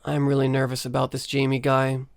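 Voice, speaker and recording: A man's voice: medium pitch, monotone, a little fast, gravelly, no room sound, close to an everyday voice. A man voicing a stern middle-aged police detective in a horror story reading, firm and formal.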